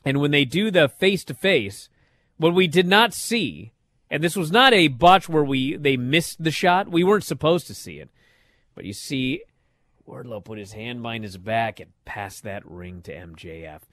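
A middle-aged man hosting a wrestling recap show, telling the matches in a lively, up-and-down casual way. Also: medium pitch, normal speed, no echo. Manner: animated storytelling, swings loud and soft.

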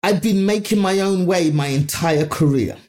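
A woman from Nigeria, a comedian, telling an anecdote in an interview with animated, profane delivery. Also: lowish voice, normal speed. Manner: animated, profane, acts out other people's voices. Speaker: comedian guest.

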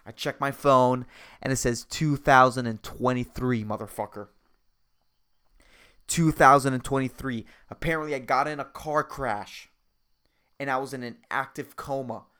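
Young male podcaster, rambling solo chat, profane and excitable, mid-pitched. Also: moderate pace, clean tone. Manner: excitable, swears a lot, keeps saying dude. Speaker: podcast host. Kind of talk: casual solo podcast monologue.

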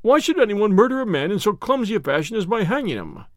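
A man's voice: sits high, big pitch swings, quick pace, no room sound, clean studio sound, pitched above the performer's own voice. A man voicing a hearty, blustering male police inspector who speaks emphatically. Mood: protesting.

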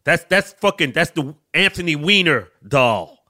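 Bright, lively-voiced man swearing. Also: on the high side, measured pace. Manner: profane, laughing, animated storytelling. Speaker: podcast co-host. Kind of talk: casual comedic banter.

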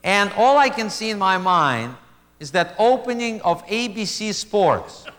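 High-voiced stand-up comic. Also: male voice, lively intonation, a little slow. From Russia. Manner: self-mocking storyteller, loud gasping nervous laugh bits. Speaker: stand-up comedian. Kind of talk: stand-up storytelling. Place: live comedy venue. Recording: reverberant live hall with crowd noise. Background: audience laughter and room ambience.

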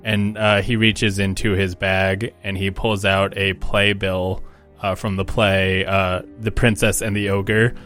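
A man narrating his character's actions in a tabletop game, casual and halting with many fillers. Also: sits low, little pitch movement, fairly bright tone, soft background music.

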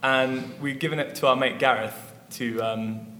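A man's voice: mid-range voice, steady tone, moderate pace, pushed and bright. A man, a musician guest, chatting casually in an interview, rambling with lots of fillers. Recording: echoey hall with faint noise.

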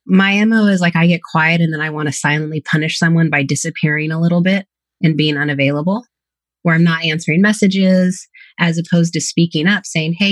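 The recording is dry and the voice deep: a woman psychotherapist, here as a podcast guest. In candid, reflective fashion, she recounts experiences from her own life and from working with clients.

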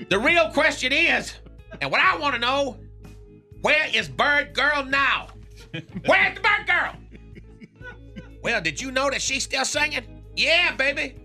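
A man's voice: very high voice, pushed and bright, exaggerated voice. A man playing a crude, boastful radio character who invents long words and laughs through his lines on a morning comedy show, with music underneath.

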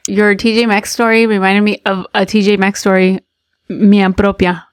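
A woman's voice: medium pitch, little pitch movement, moderate pace. A woman in her thirties co-hosting a casual chat show, telling stories and mixing English and Spanish. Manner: chatty storyteller, code-switches between English and Spanish. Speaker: podcast co-host.

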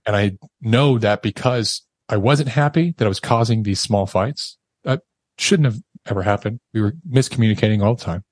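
A man's voice: fairly low pitch, normal speed, no room sound. A man, a podcast guest, telling a raw, emotional personal story and swearing casually as he talks.

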